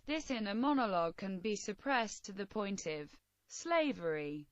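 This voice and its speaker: A woman's voice: medium pitch, no echo. A woman narrating a first-person story in an earnest, intense manner. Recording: dry, slightly muffled recording.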